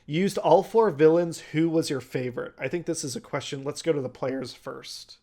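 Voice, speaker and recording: Brief: chatty male game master host, slightly higher voice, reads questions and rambles. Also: moderate pace, vocal fry, dark tone. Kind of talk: casual group chat, reading questions.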